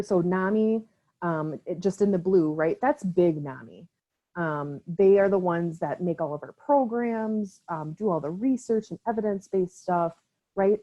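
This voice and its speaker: A woman's voice: lowish voice, dark tone. Give me a Wisconsin woman with an Upper Midwest accent, presenting casually. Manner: casual, filler-heavy, often tags "right?". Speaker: presenter for a mental health nonprofit. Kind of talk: online training presentation. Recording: slightly dull lo-fi call audio.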